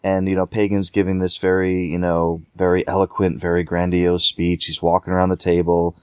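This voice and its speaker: A man's voice: sits low, completely flat delivery, brisk, darkish tone, smooth, dry recording, studio quality. A man co-hosting a casual gaming podcast, rambling with lots of fillers and restarts.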